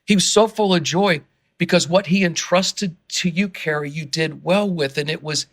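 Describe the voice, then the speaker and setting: Passionate, excitable man on a podcast. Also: on the high side, moderate pace. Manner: passionate, gets worked up and excited; earnest, with frequent restarts and repeated words. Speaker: interview guest, fundraising consultant. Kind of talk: podcast interview conversation.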